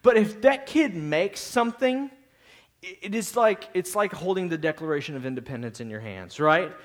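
A young adult man preaching a sermon in a high-pitched voice. His talk is casual and conversational, full of restarts, rhetorical questions and quick asides. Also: animated. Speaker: pastor.

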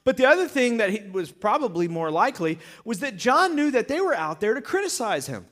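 A man's voice: high voice, sing-song, brisk, fairly bright tone. A male pastor preaching a sermon, telling the story with jokes and acted-out asides.

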